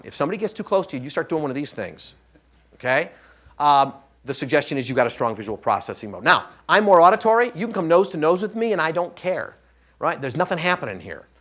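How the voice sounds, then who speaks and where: A man lecturing at a conference, talking at a brisk, rapid clip. His voice sits slightly higher than most men's, and he keeps it animated by acting out the quoted voices in his examples. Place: conference room.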